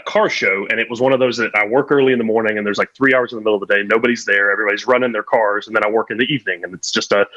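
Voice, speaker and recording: A man's voice: on the low side, bright, forceful tone, no echo. A man guest telling a chatty story about a tool in a casual conversation. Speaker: guest technician. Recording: dull lo-fi audio.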